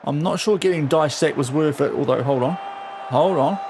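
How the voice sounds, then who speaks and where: A man's voice: fairly high pitch, moderate pace, background noise. A young man streaming a football management game, talking casually and scolding his virtual players in exasperation. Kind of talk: casual live-stream commentary.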